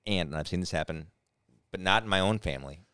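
Man, podcast co-host, deep smooth voice, dry close sound, rambling talk. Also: fast, sharp tone, no echo. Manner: rambling, filler-heavy, mimics others. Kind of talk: casual chat.

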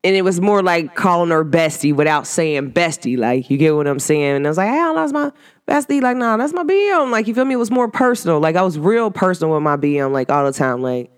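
A woman talking casually to her viewers in a vlog, animated, rambling and warmly emphatic. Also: low voice, fast, few pauses, smooth. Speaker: vlogger. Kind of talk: casual heartfelt talk to camera.

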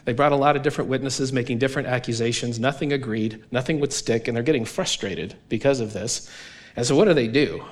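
Male pastor, mid-pitched, earnest emphatic sermon delivery. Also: fast. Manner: earnest, emphatic, keeps asking "right?".

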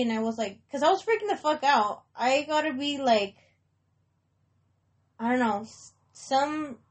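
A young woman casually telling a personal story, rambling with lots of swearing and filler, dropping Spanish words into her English. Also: on the high side. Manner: rambling, heavy swearing, many likes and restarts. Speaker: podcast host.

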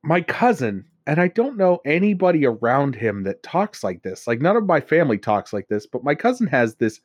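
A man's voice: on the high side, very animated, moderate pace, few pauses, no echo, highs cut off. Rambling, laughing man from Pennsylvania. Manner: rambling, laughs often, restarts sentences. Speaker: podcast co-host. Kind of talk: casual chat.

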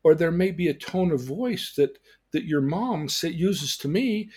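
An older man, a change coach, teaching through lively personal stories and acting out the people in them. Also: fairly high pitch, unhurried, husky. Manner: animated storyteller who acts out quoted dialogue. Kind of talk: storytelling lesson on a podcast.

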